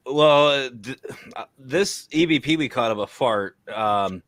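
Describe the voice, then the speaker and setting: A man's voice: mid-range voice, measured pace, dry recording. A man telling a comic paranormal investigation story in a casual chat, laughing along. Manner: animated, laughing anecdotes.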